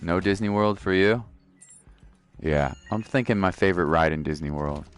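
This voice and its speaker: Deep-voiced laid-back male game streamer. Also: normal speed, smooth, soft background music. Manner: laid-back, chatty, talks to chat. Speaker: gaming streamer. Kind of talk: casual live-stream chat.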